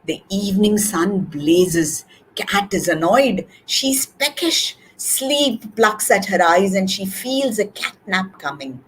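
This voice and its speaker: A woman's voice: medium pitch, sing-song, takes it slowly, fairly bright tone, slight background noise, low-quality recording. Woman reading a picture book aloud. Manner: chatty asides to the audience. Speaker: children's book publisher. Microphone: video call.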